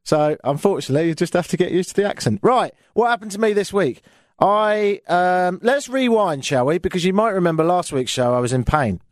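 A man's voice: sits high, expressive, fairly quick, dry recording. A man with a British accent hosting a talk radio show, chatting in a casual, self-mocking, grumbling way into a studio microphone.

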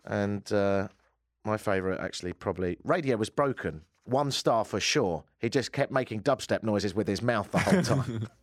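A man's voice: fairly low pitch, expressive, normal speed, no room sound, studio quality. A man hosting a casual radio talk show, joking and slipping into silly voices for bits. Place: radio studio.

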